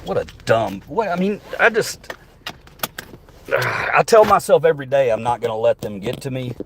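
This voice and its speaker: A man's voice: mid-range voice, animated, normal speed, vocal fry, a little hiss or hum. A middle-aged man livestreaming from his car on a phone, reading chat comments and answering them in a combative, sarcastic, foul-mouthed rant. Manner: combative and sarcastic, swearing often. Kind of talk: profane live-stream rant. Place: in a car while driving.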